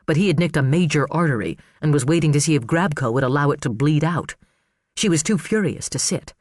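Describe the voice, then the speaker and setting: Guy reading a thriller audiobook, dramatic and lively, super dry close mic. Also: fairly high pitch, no room sound. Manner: expressive, dramatic storytelling. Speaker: audiobook narrator. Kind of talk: scripted narration.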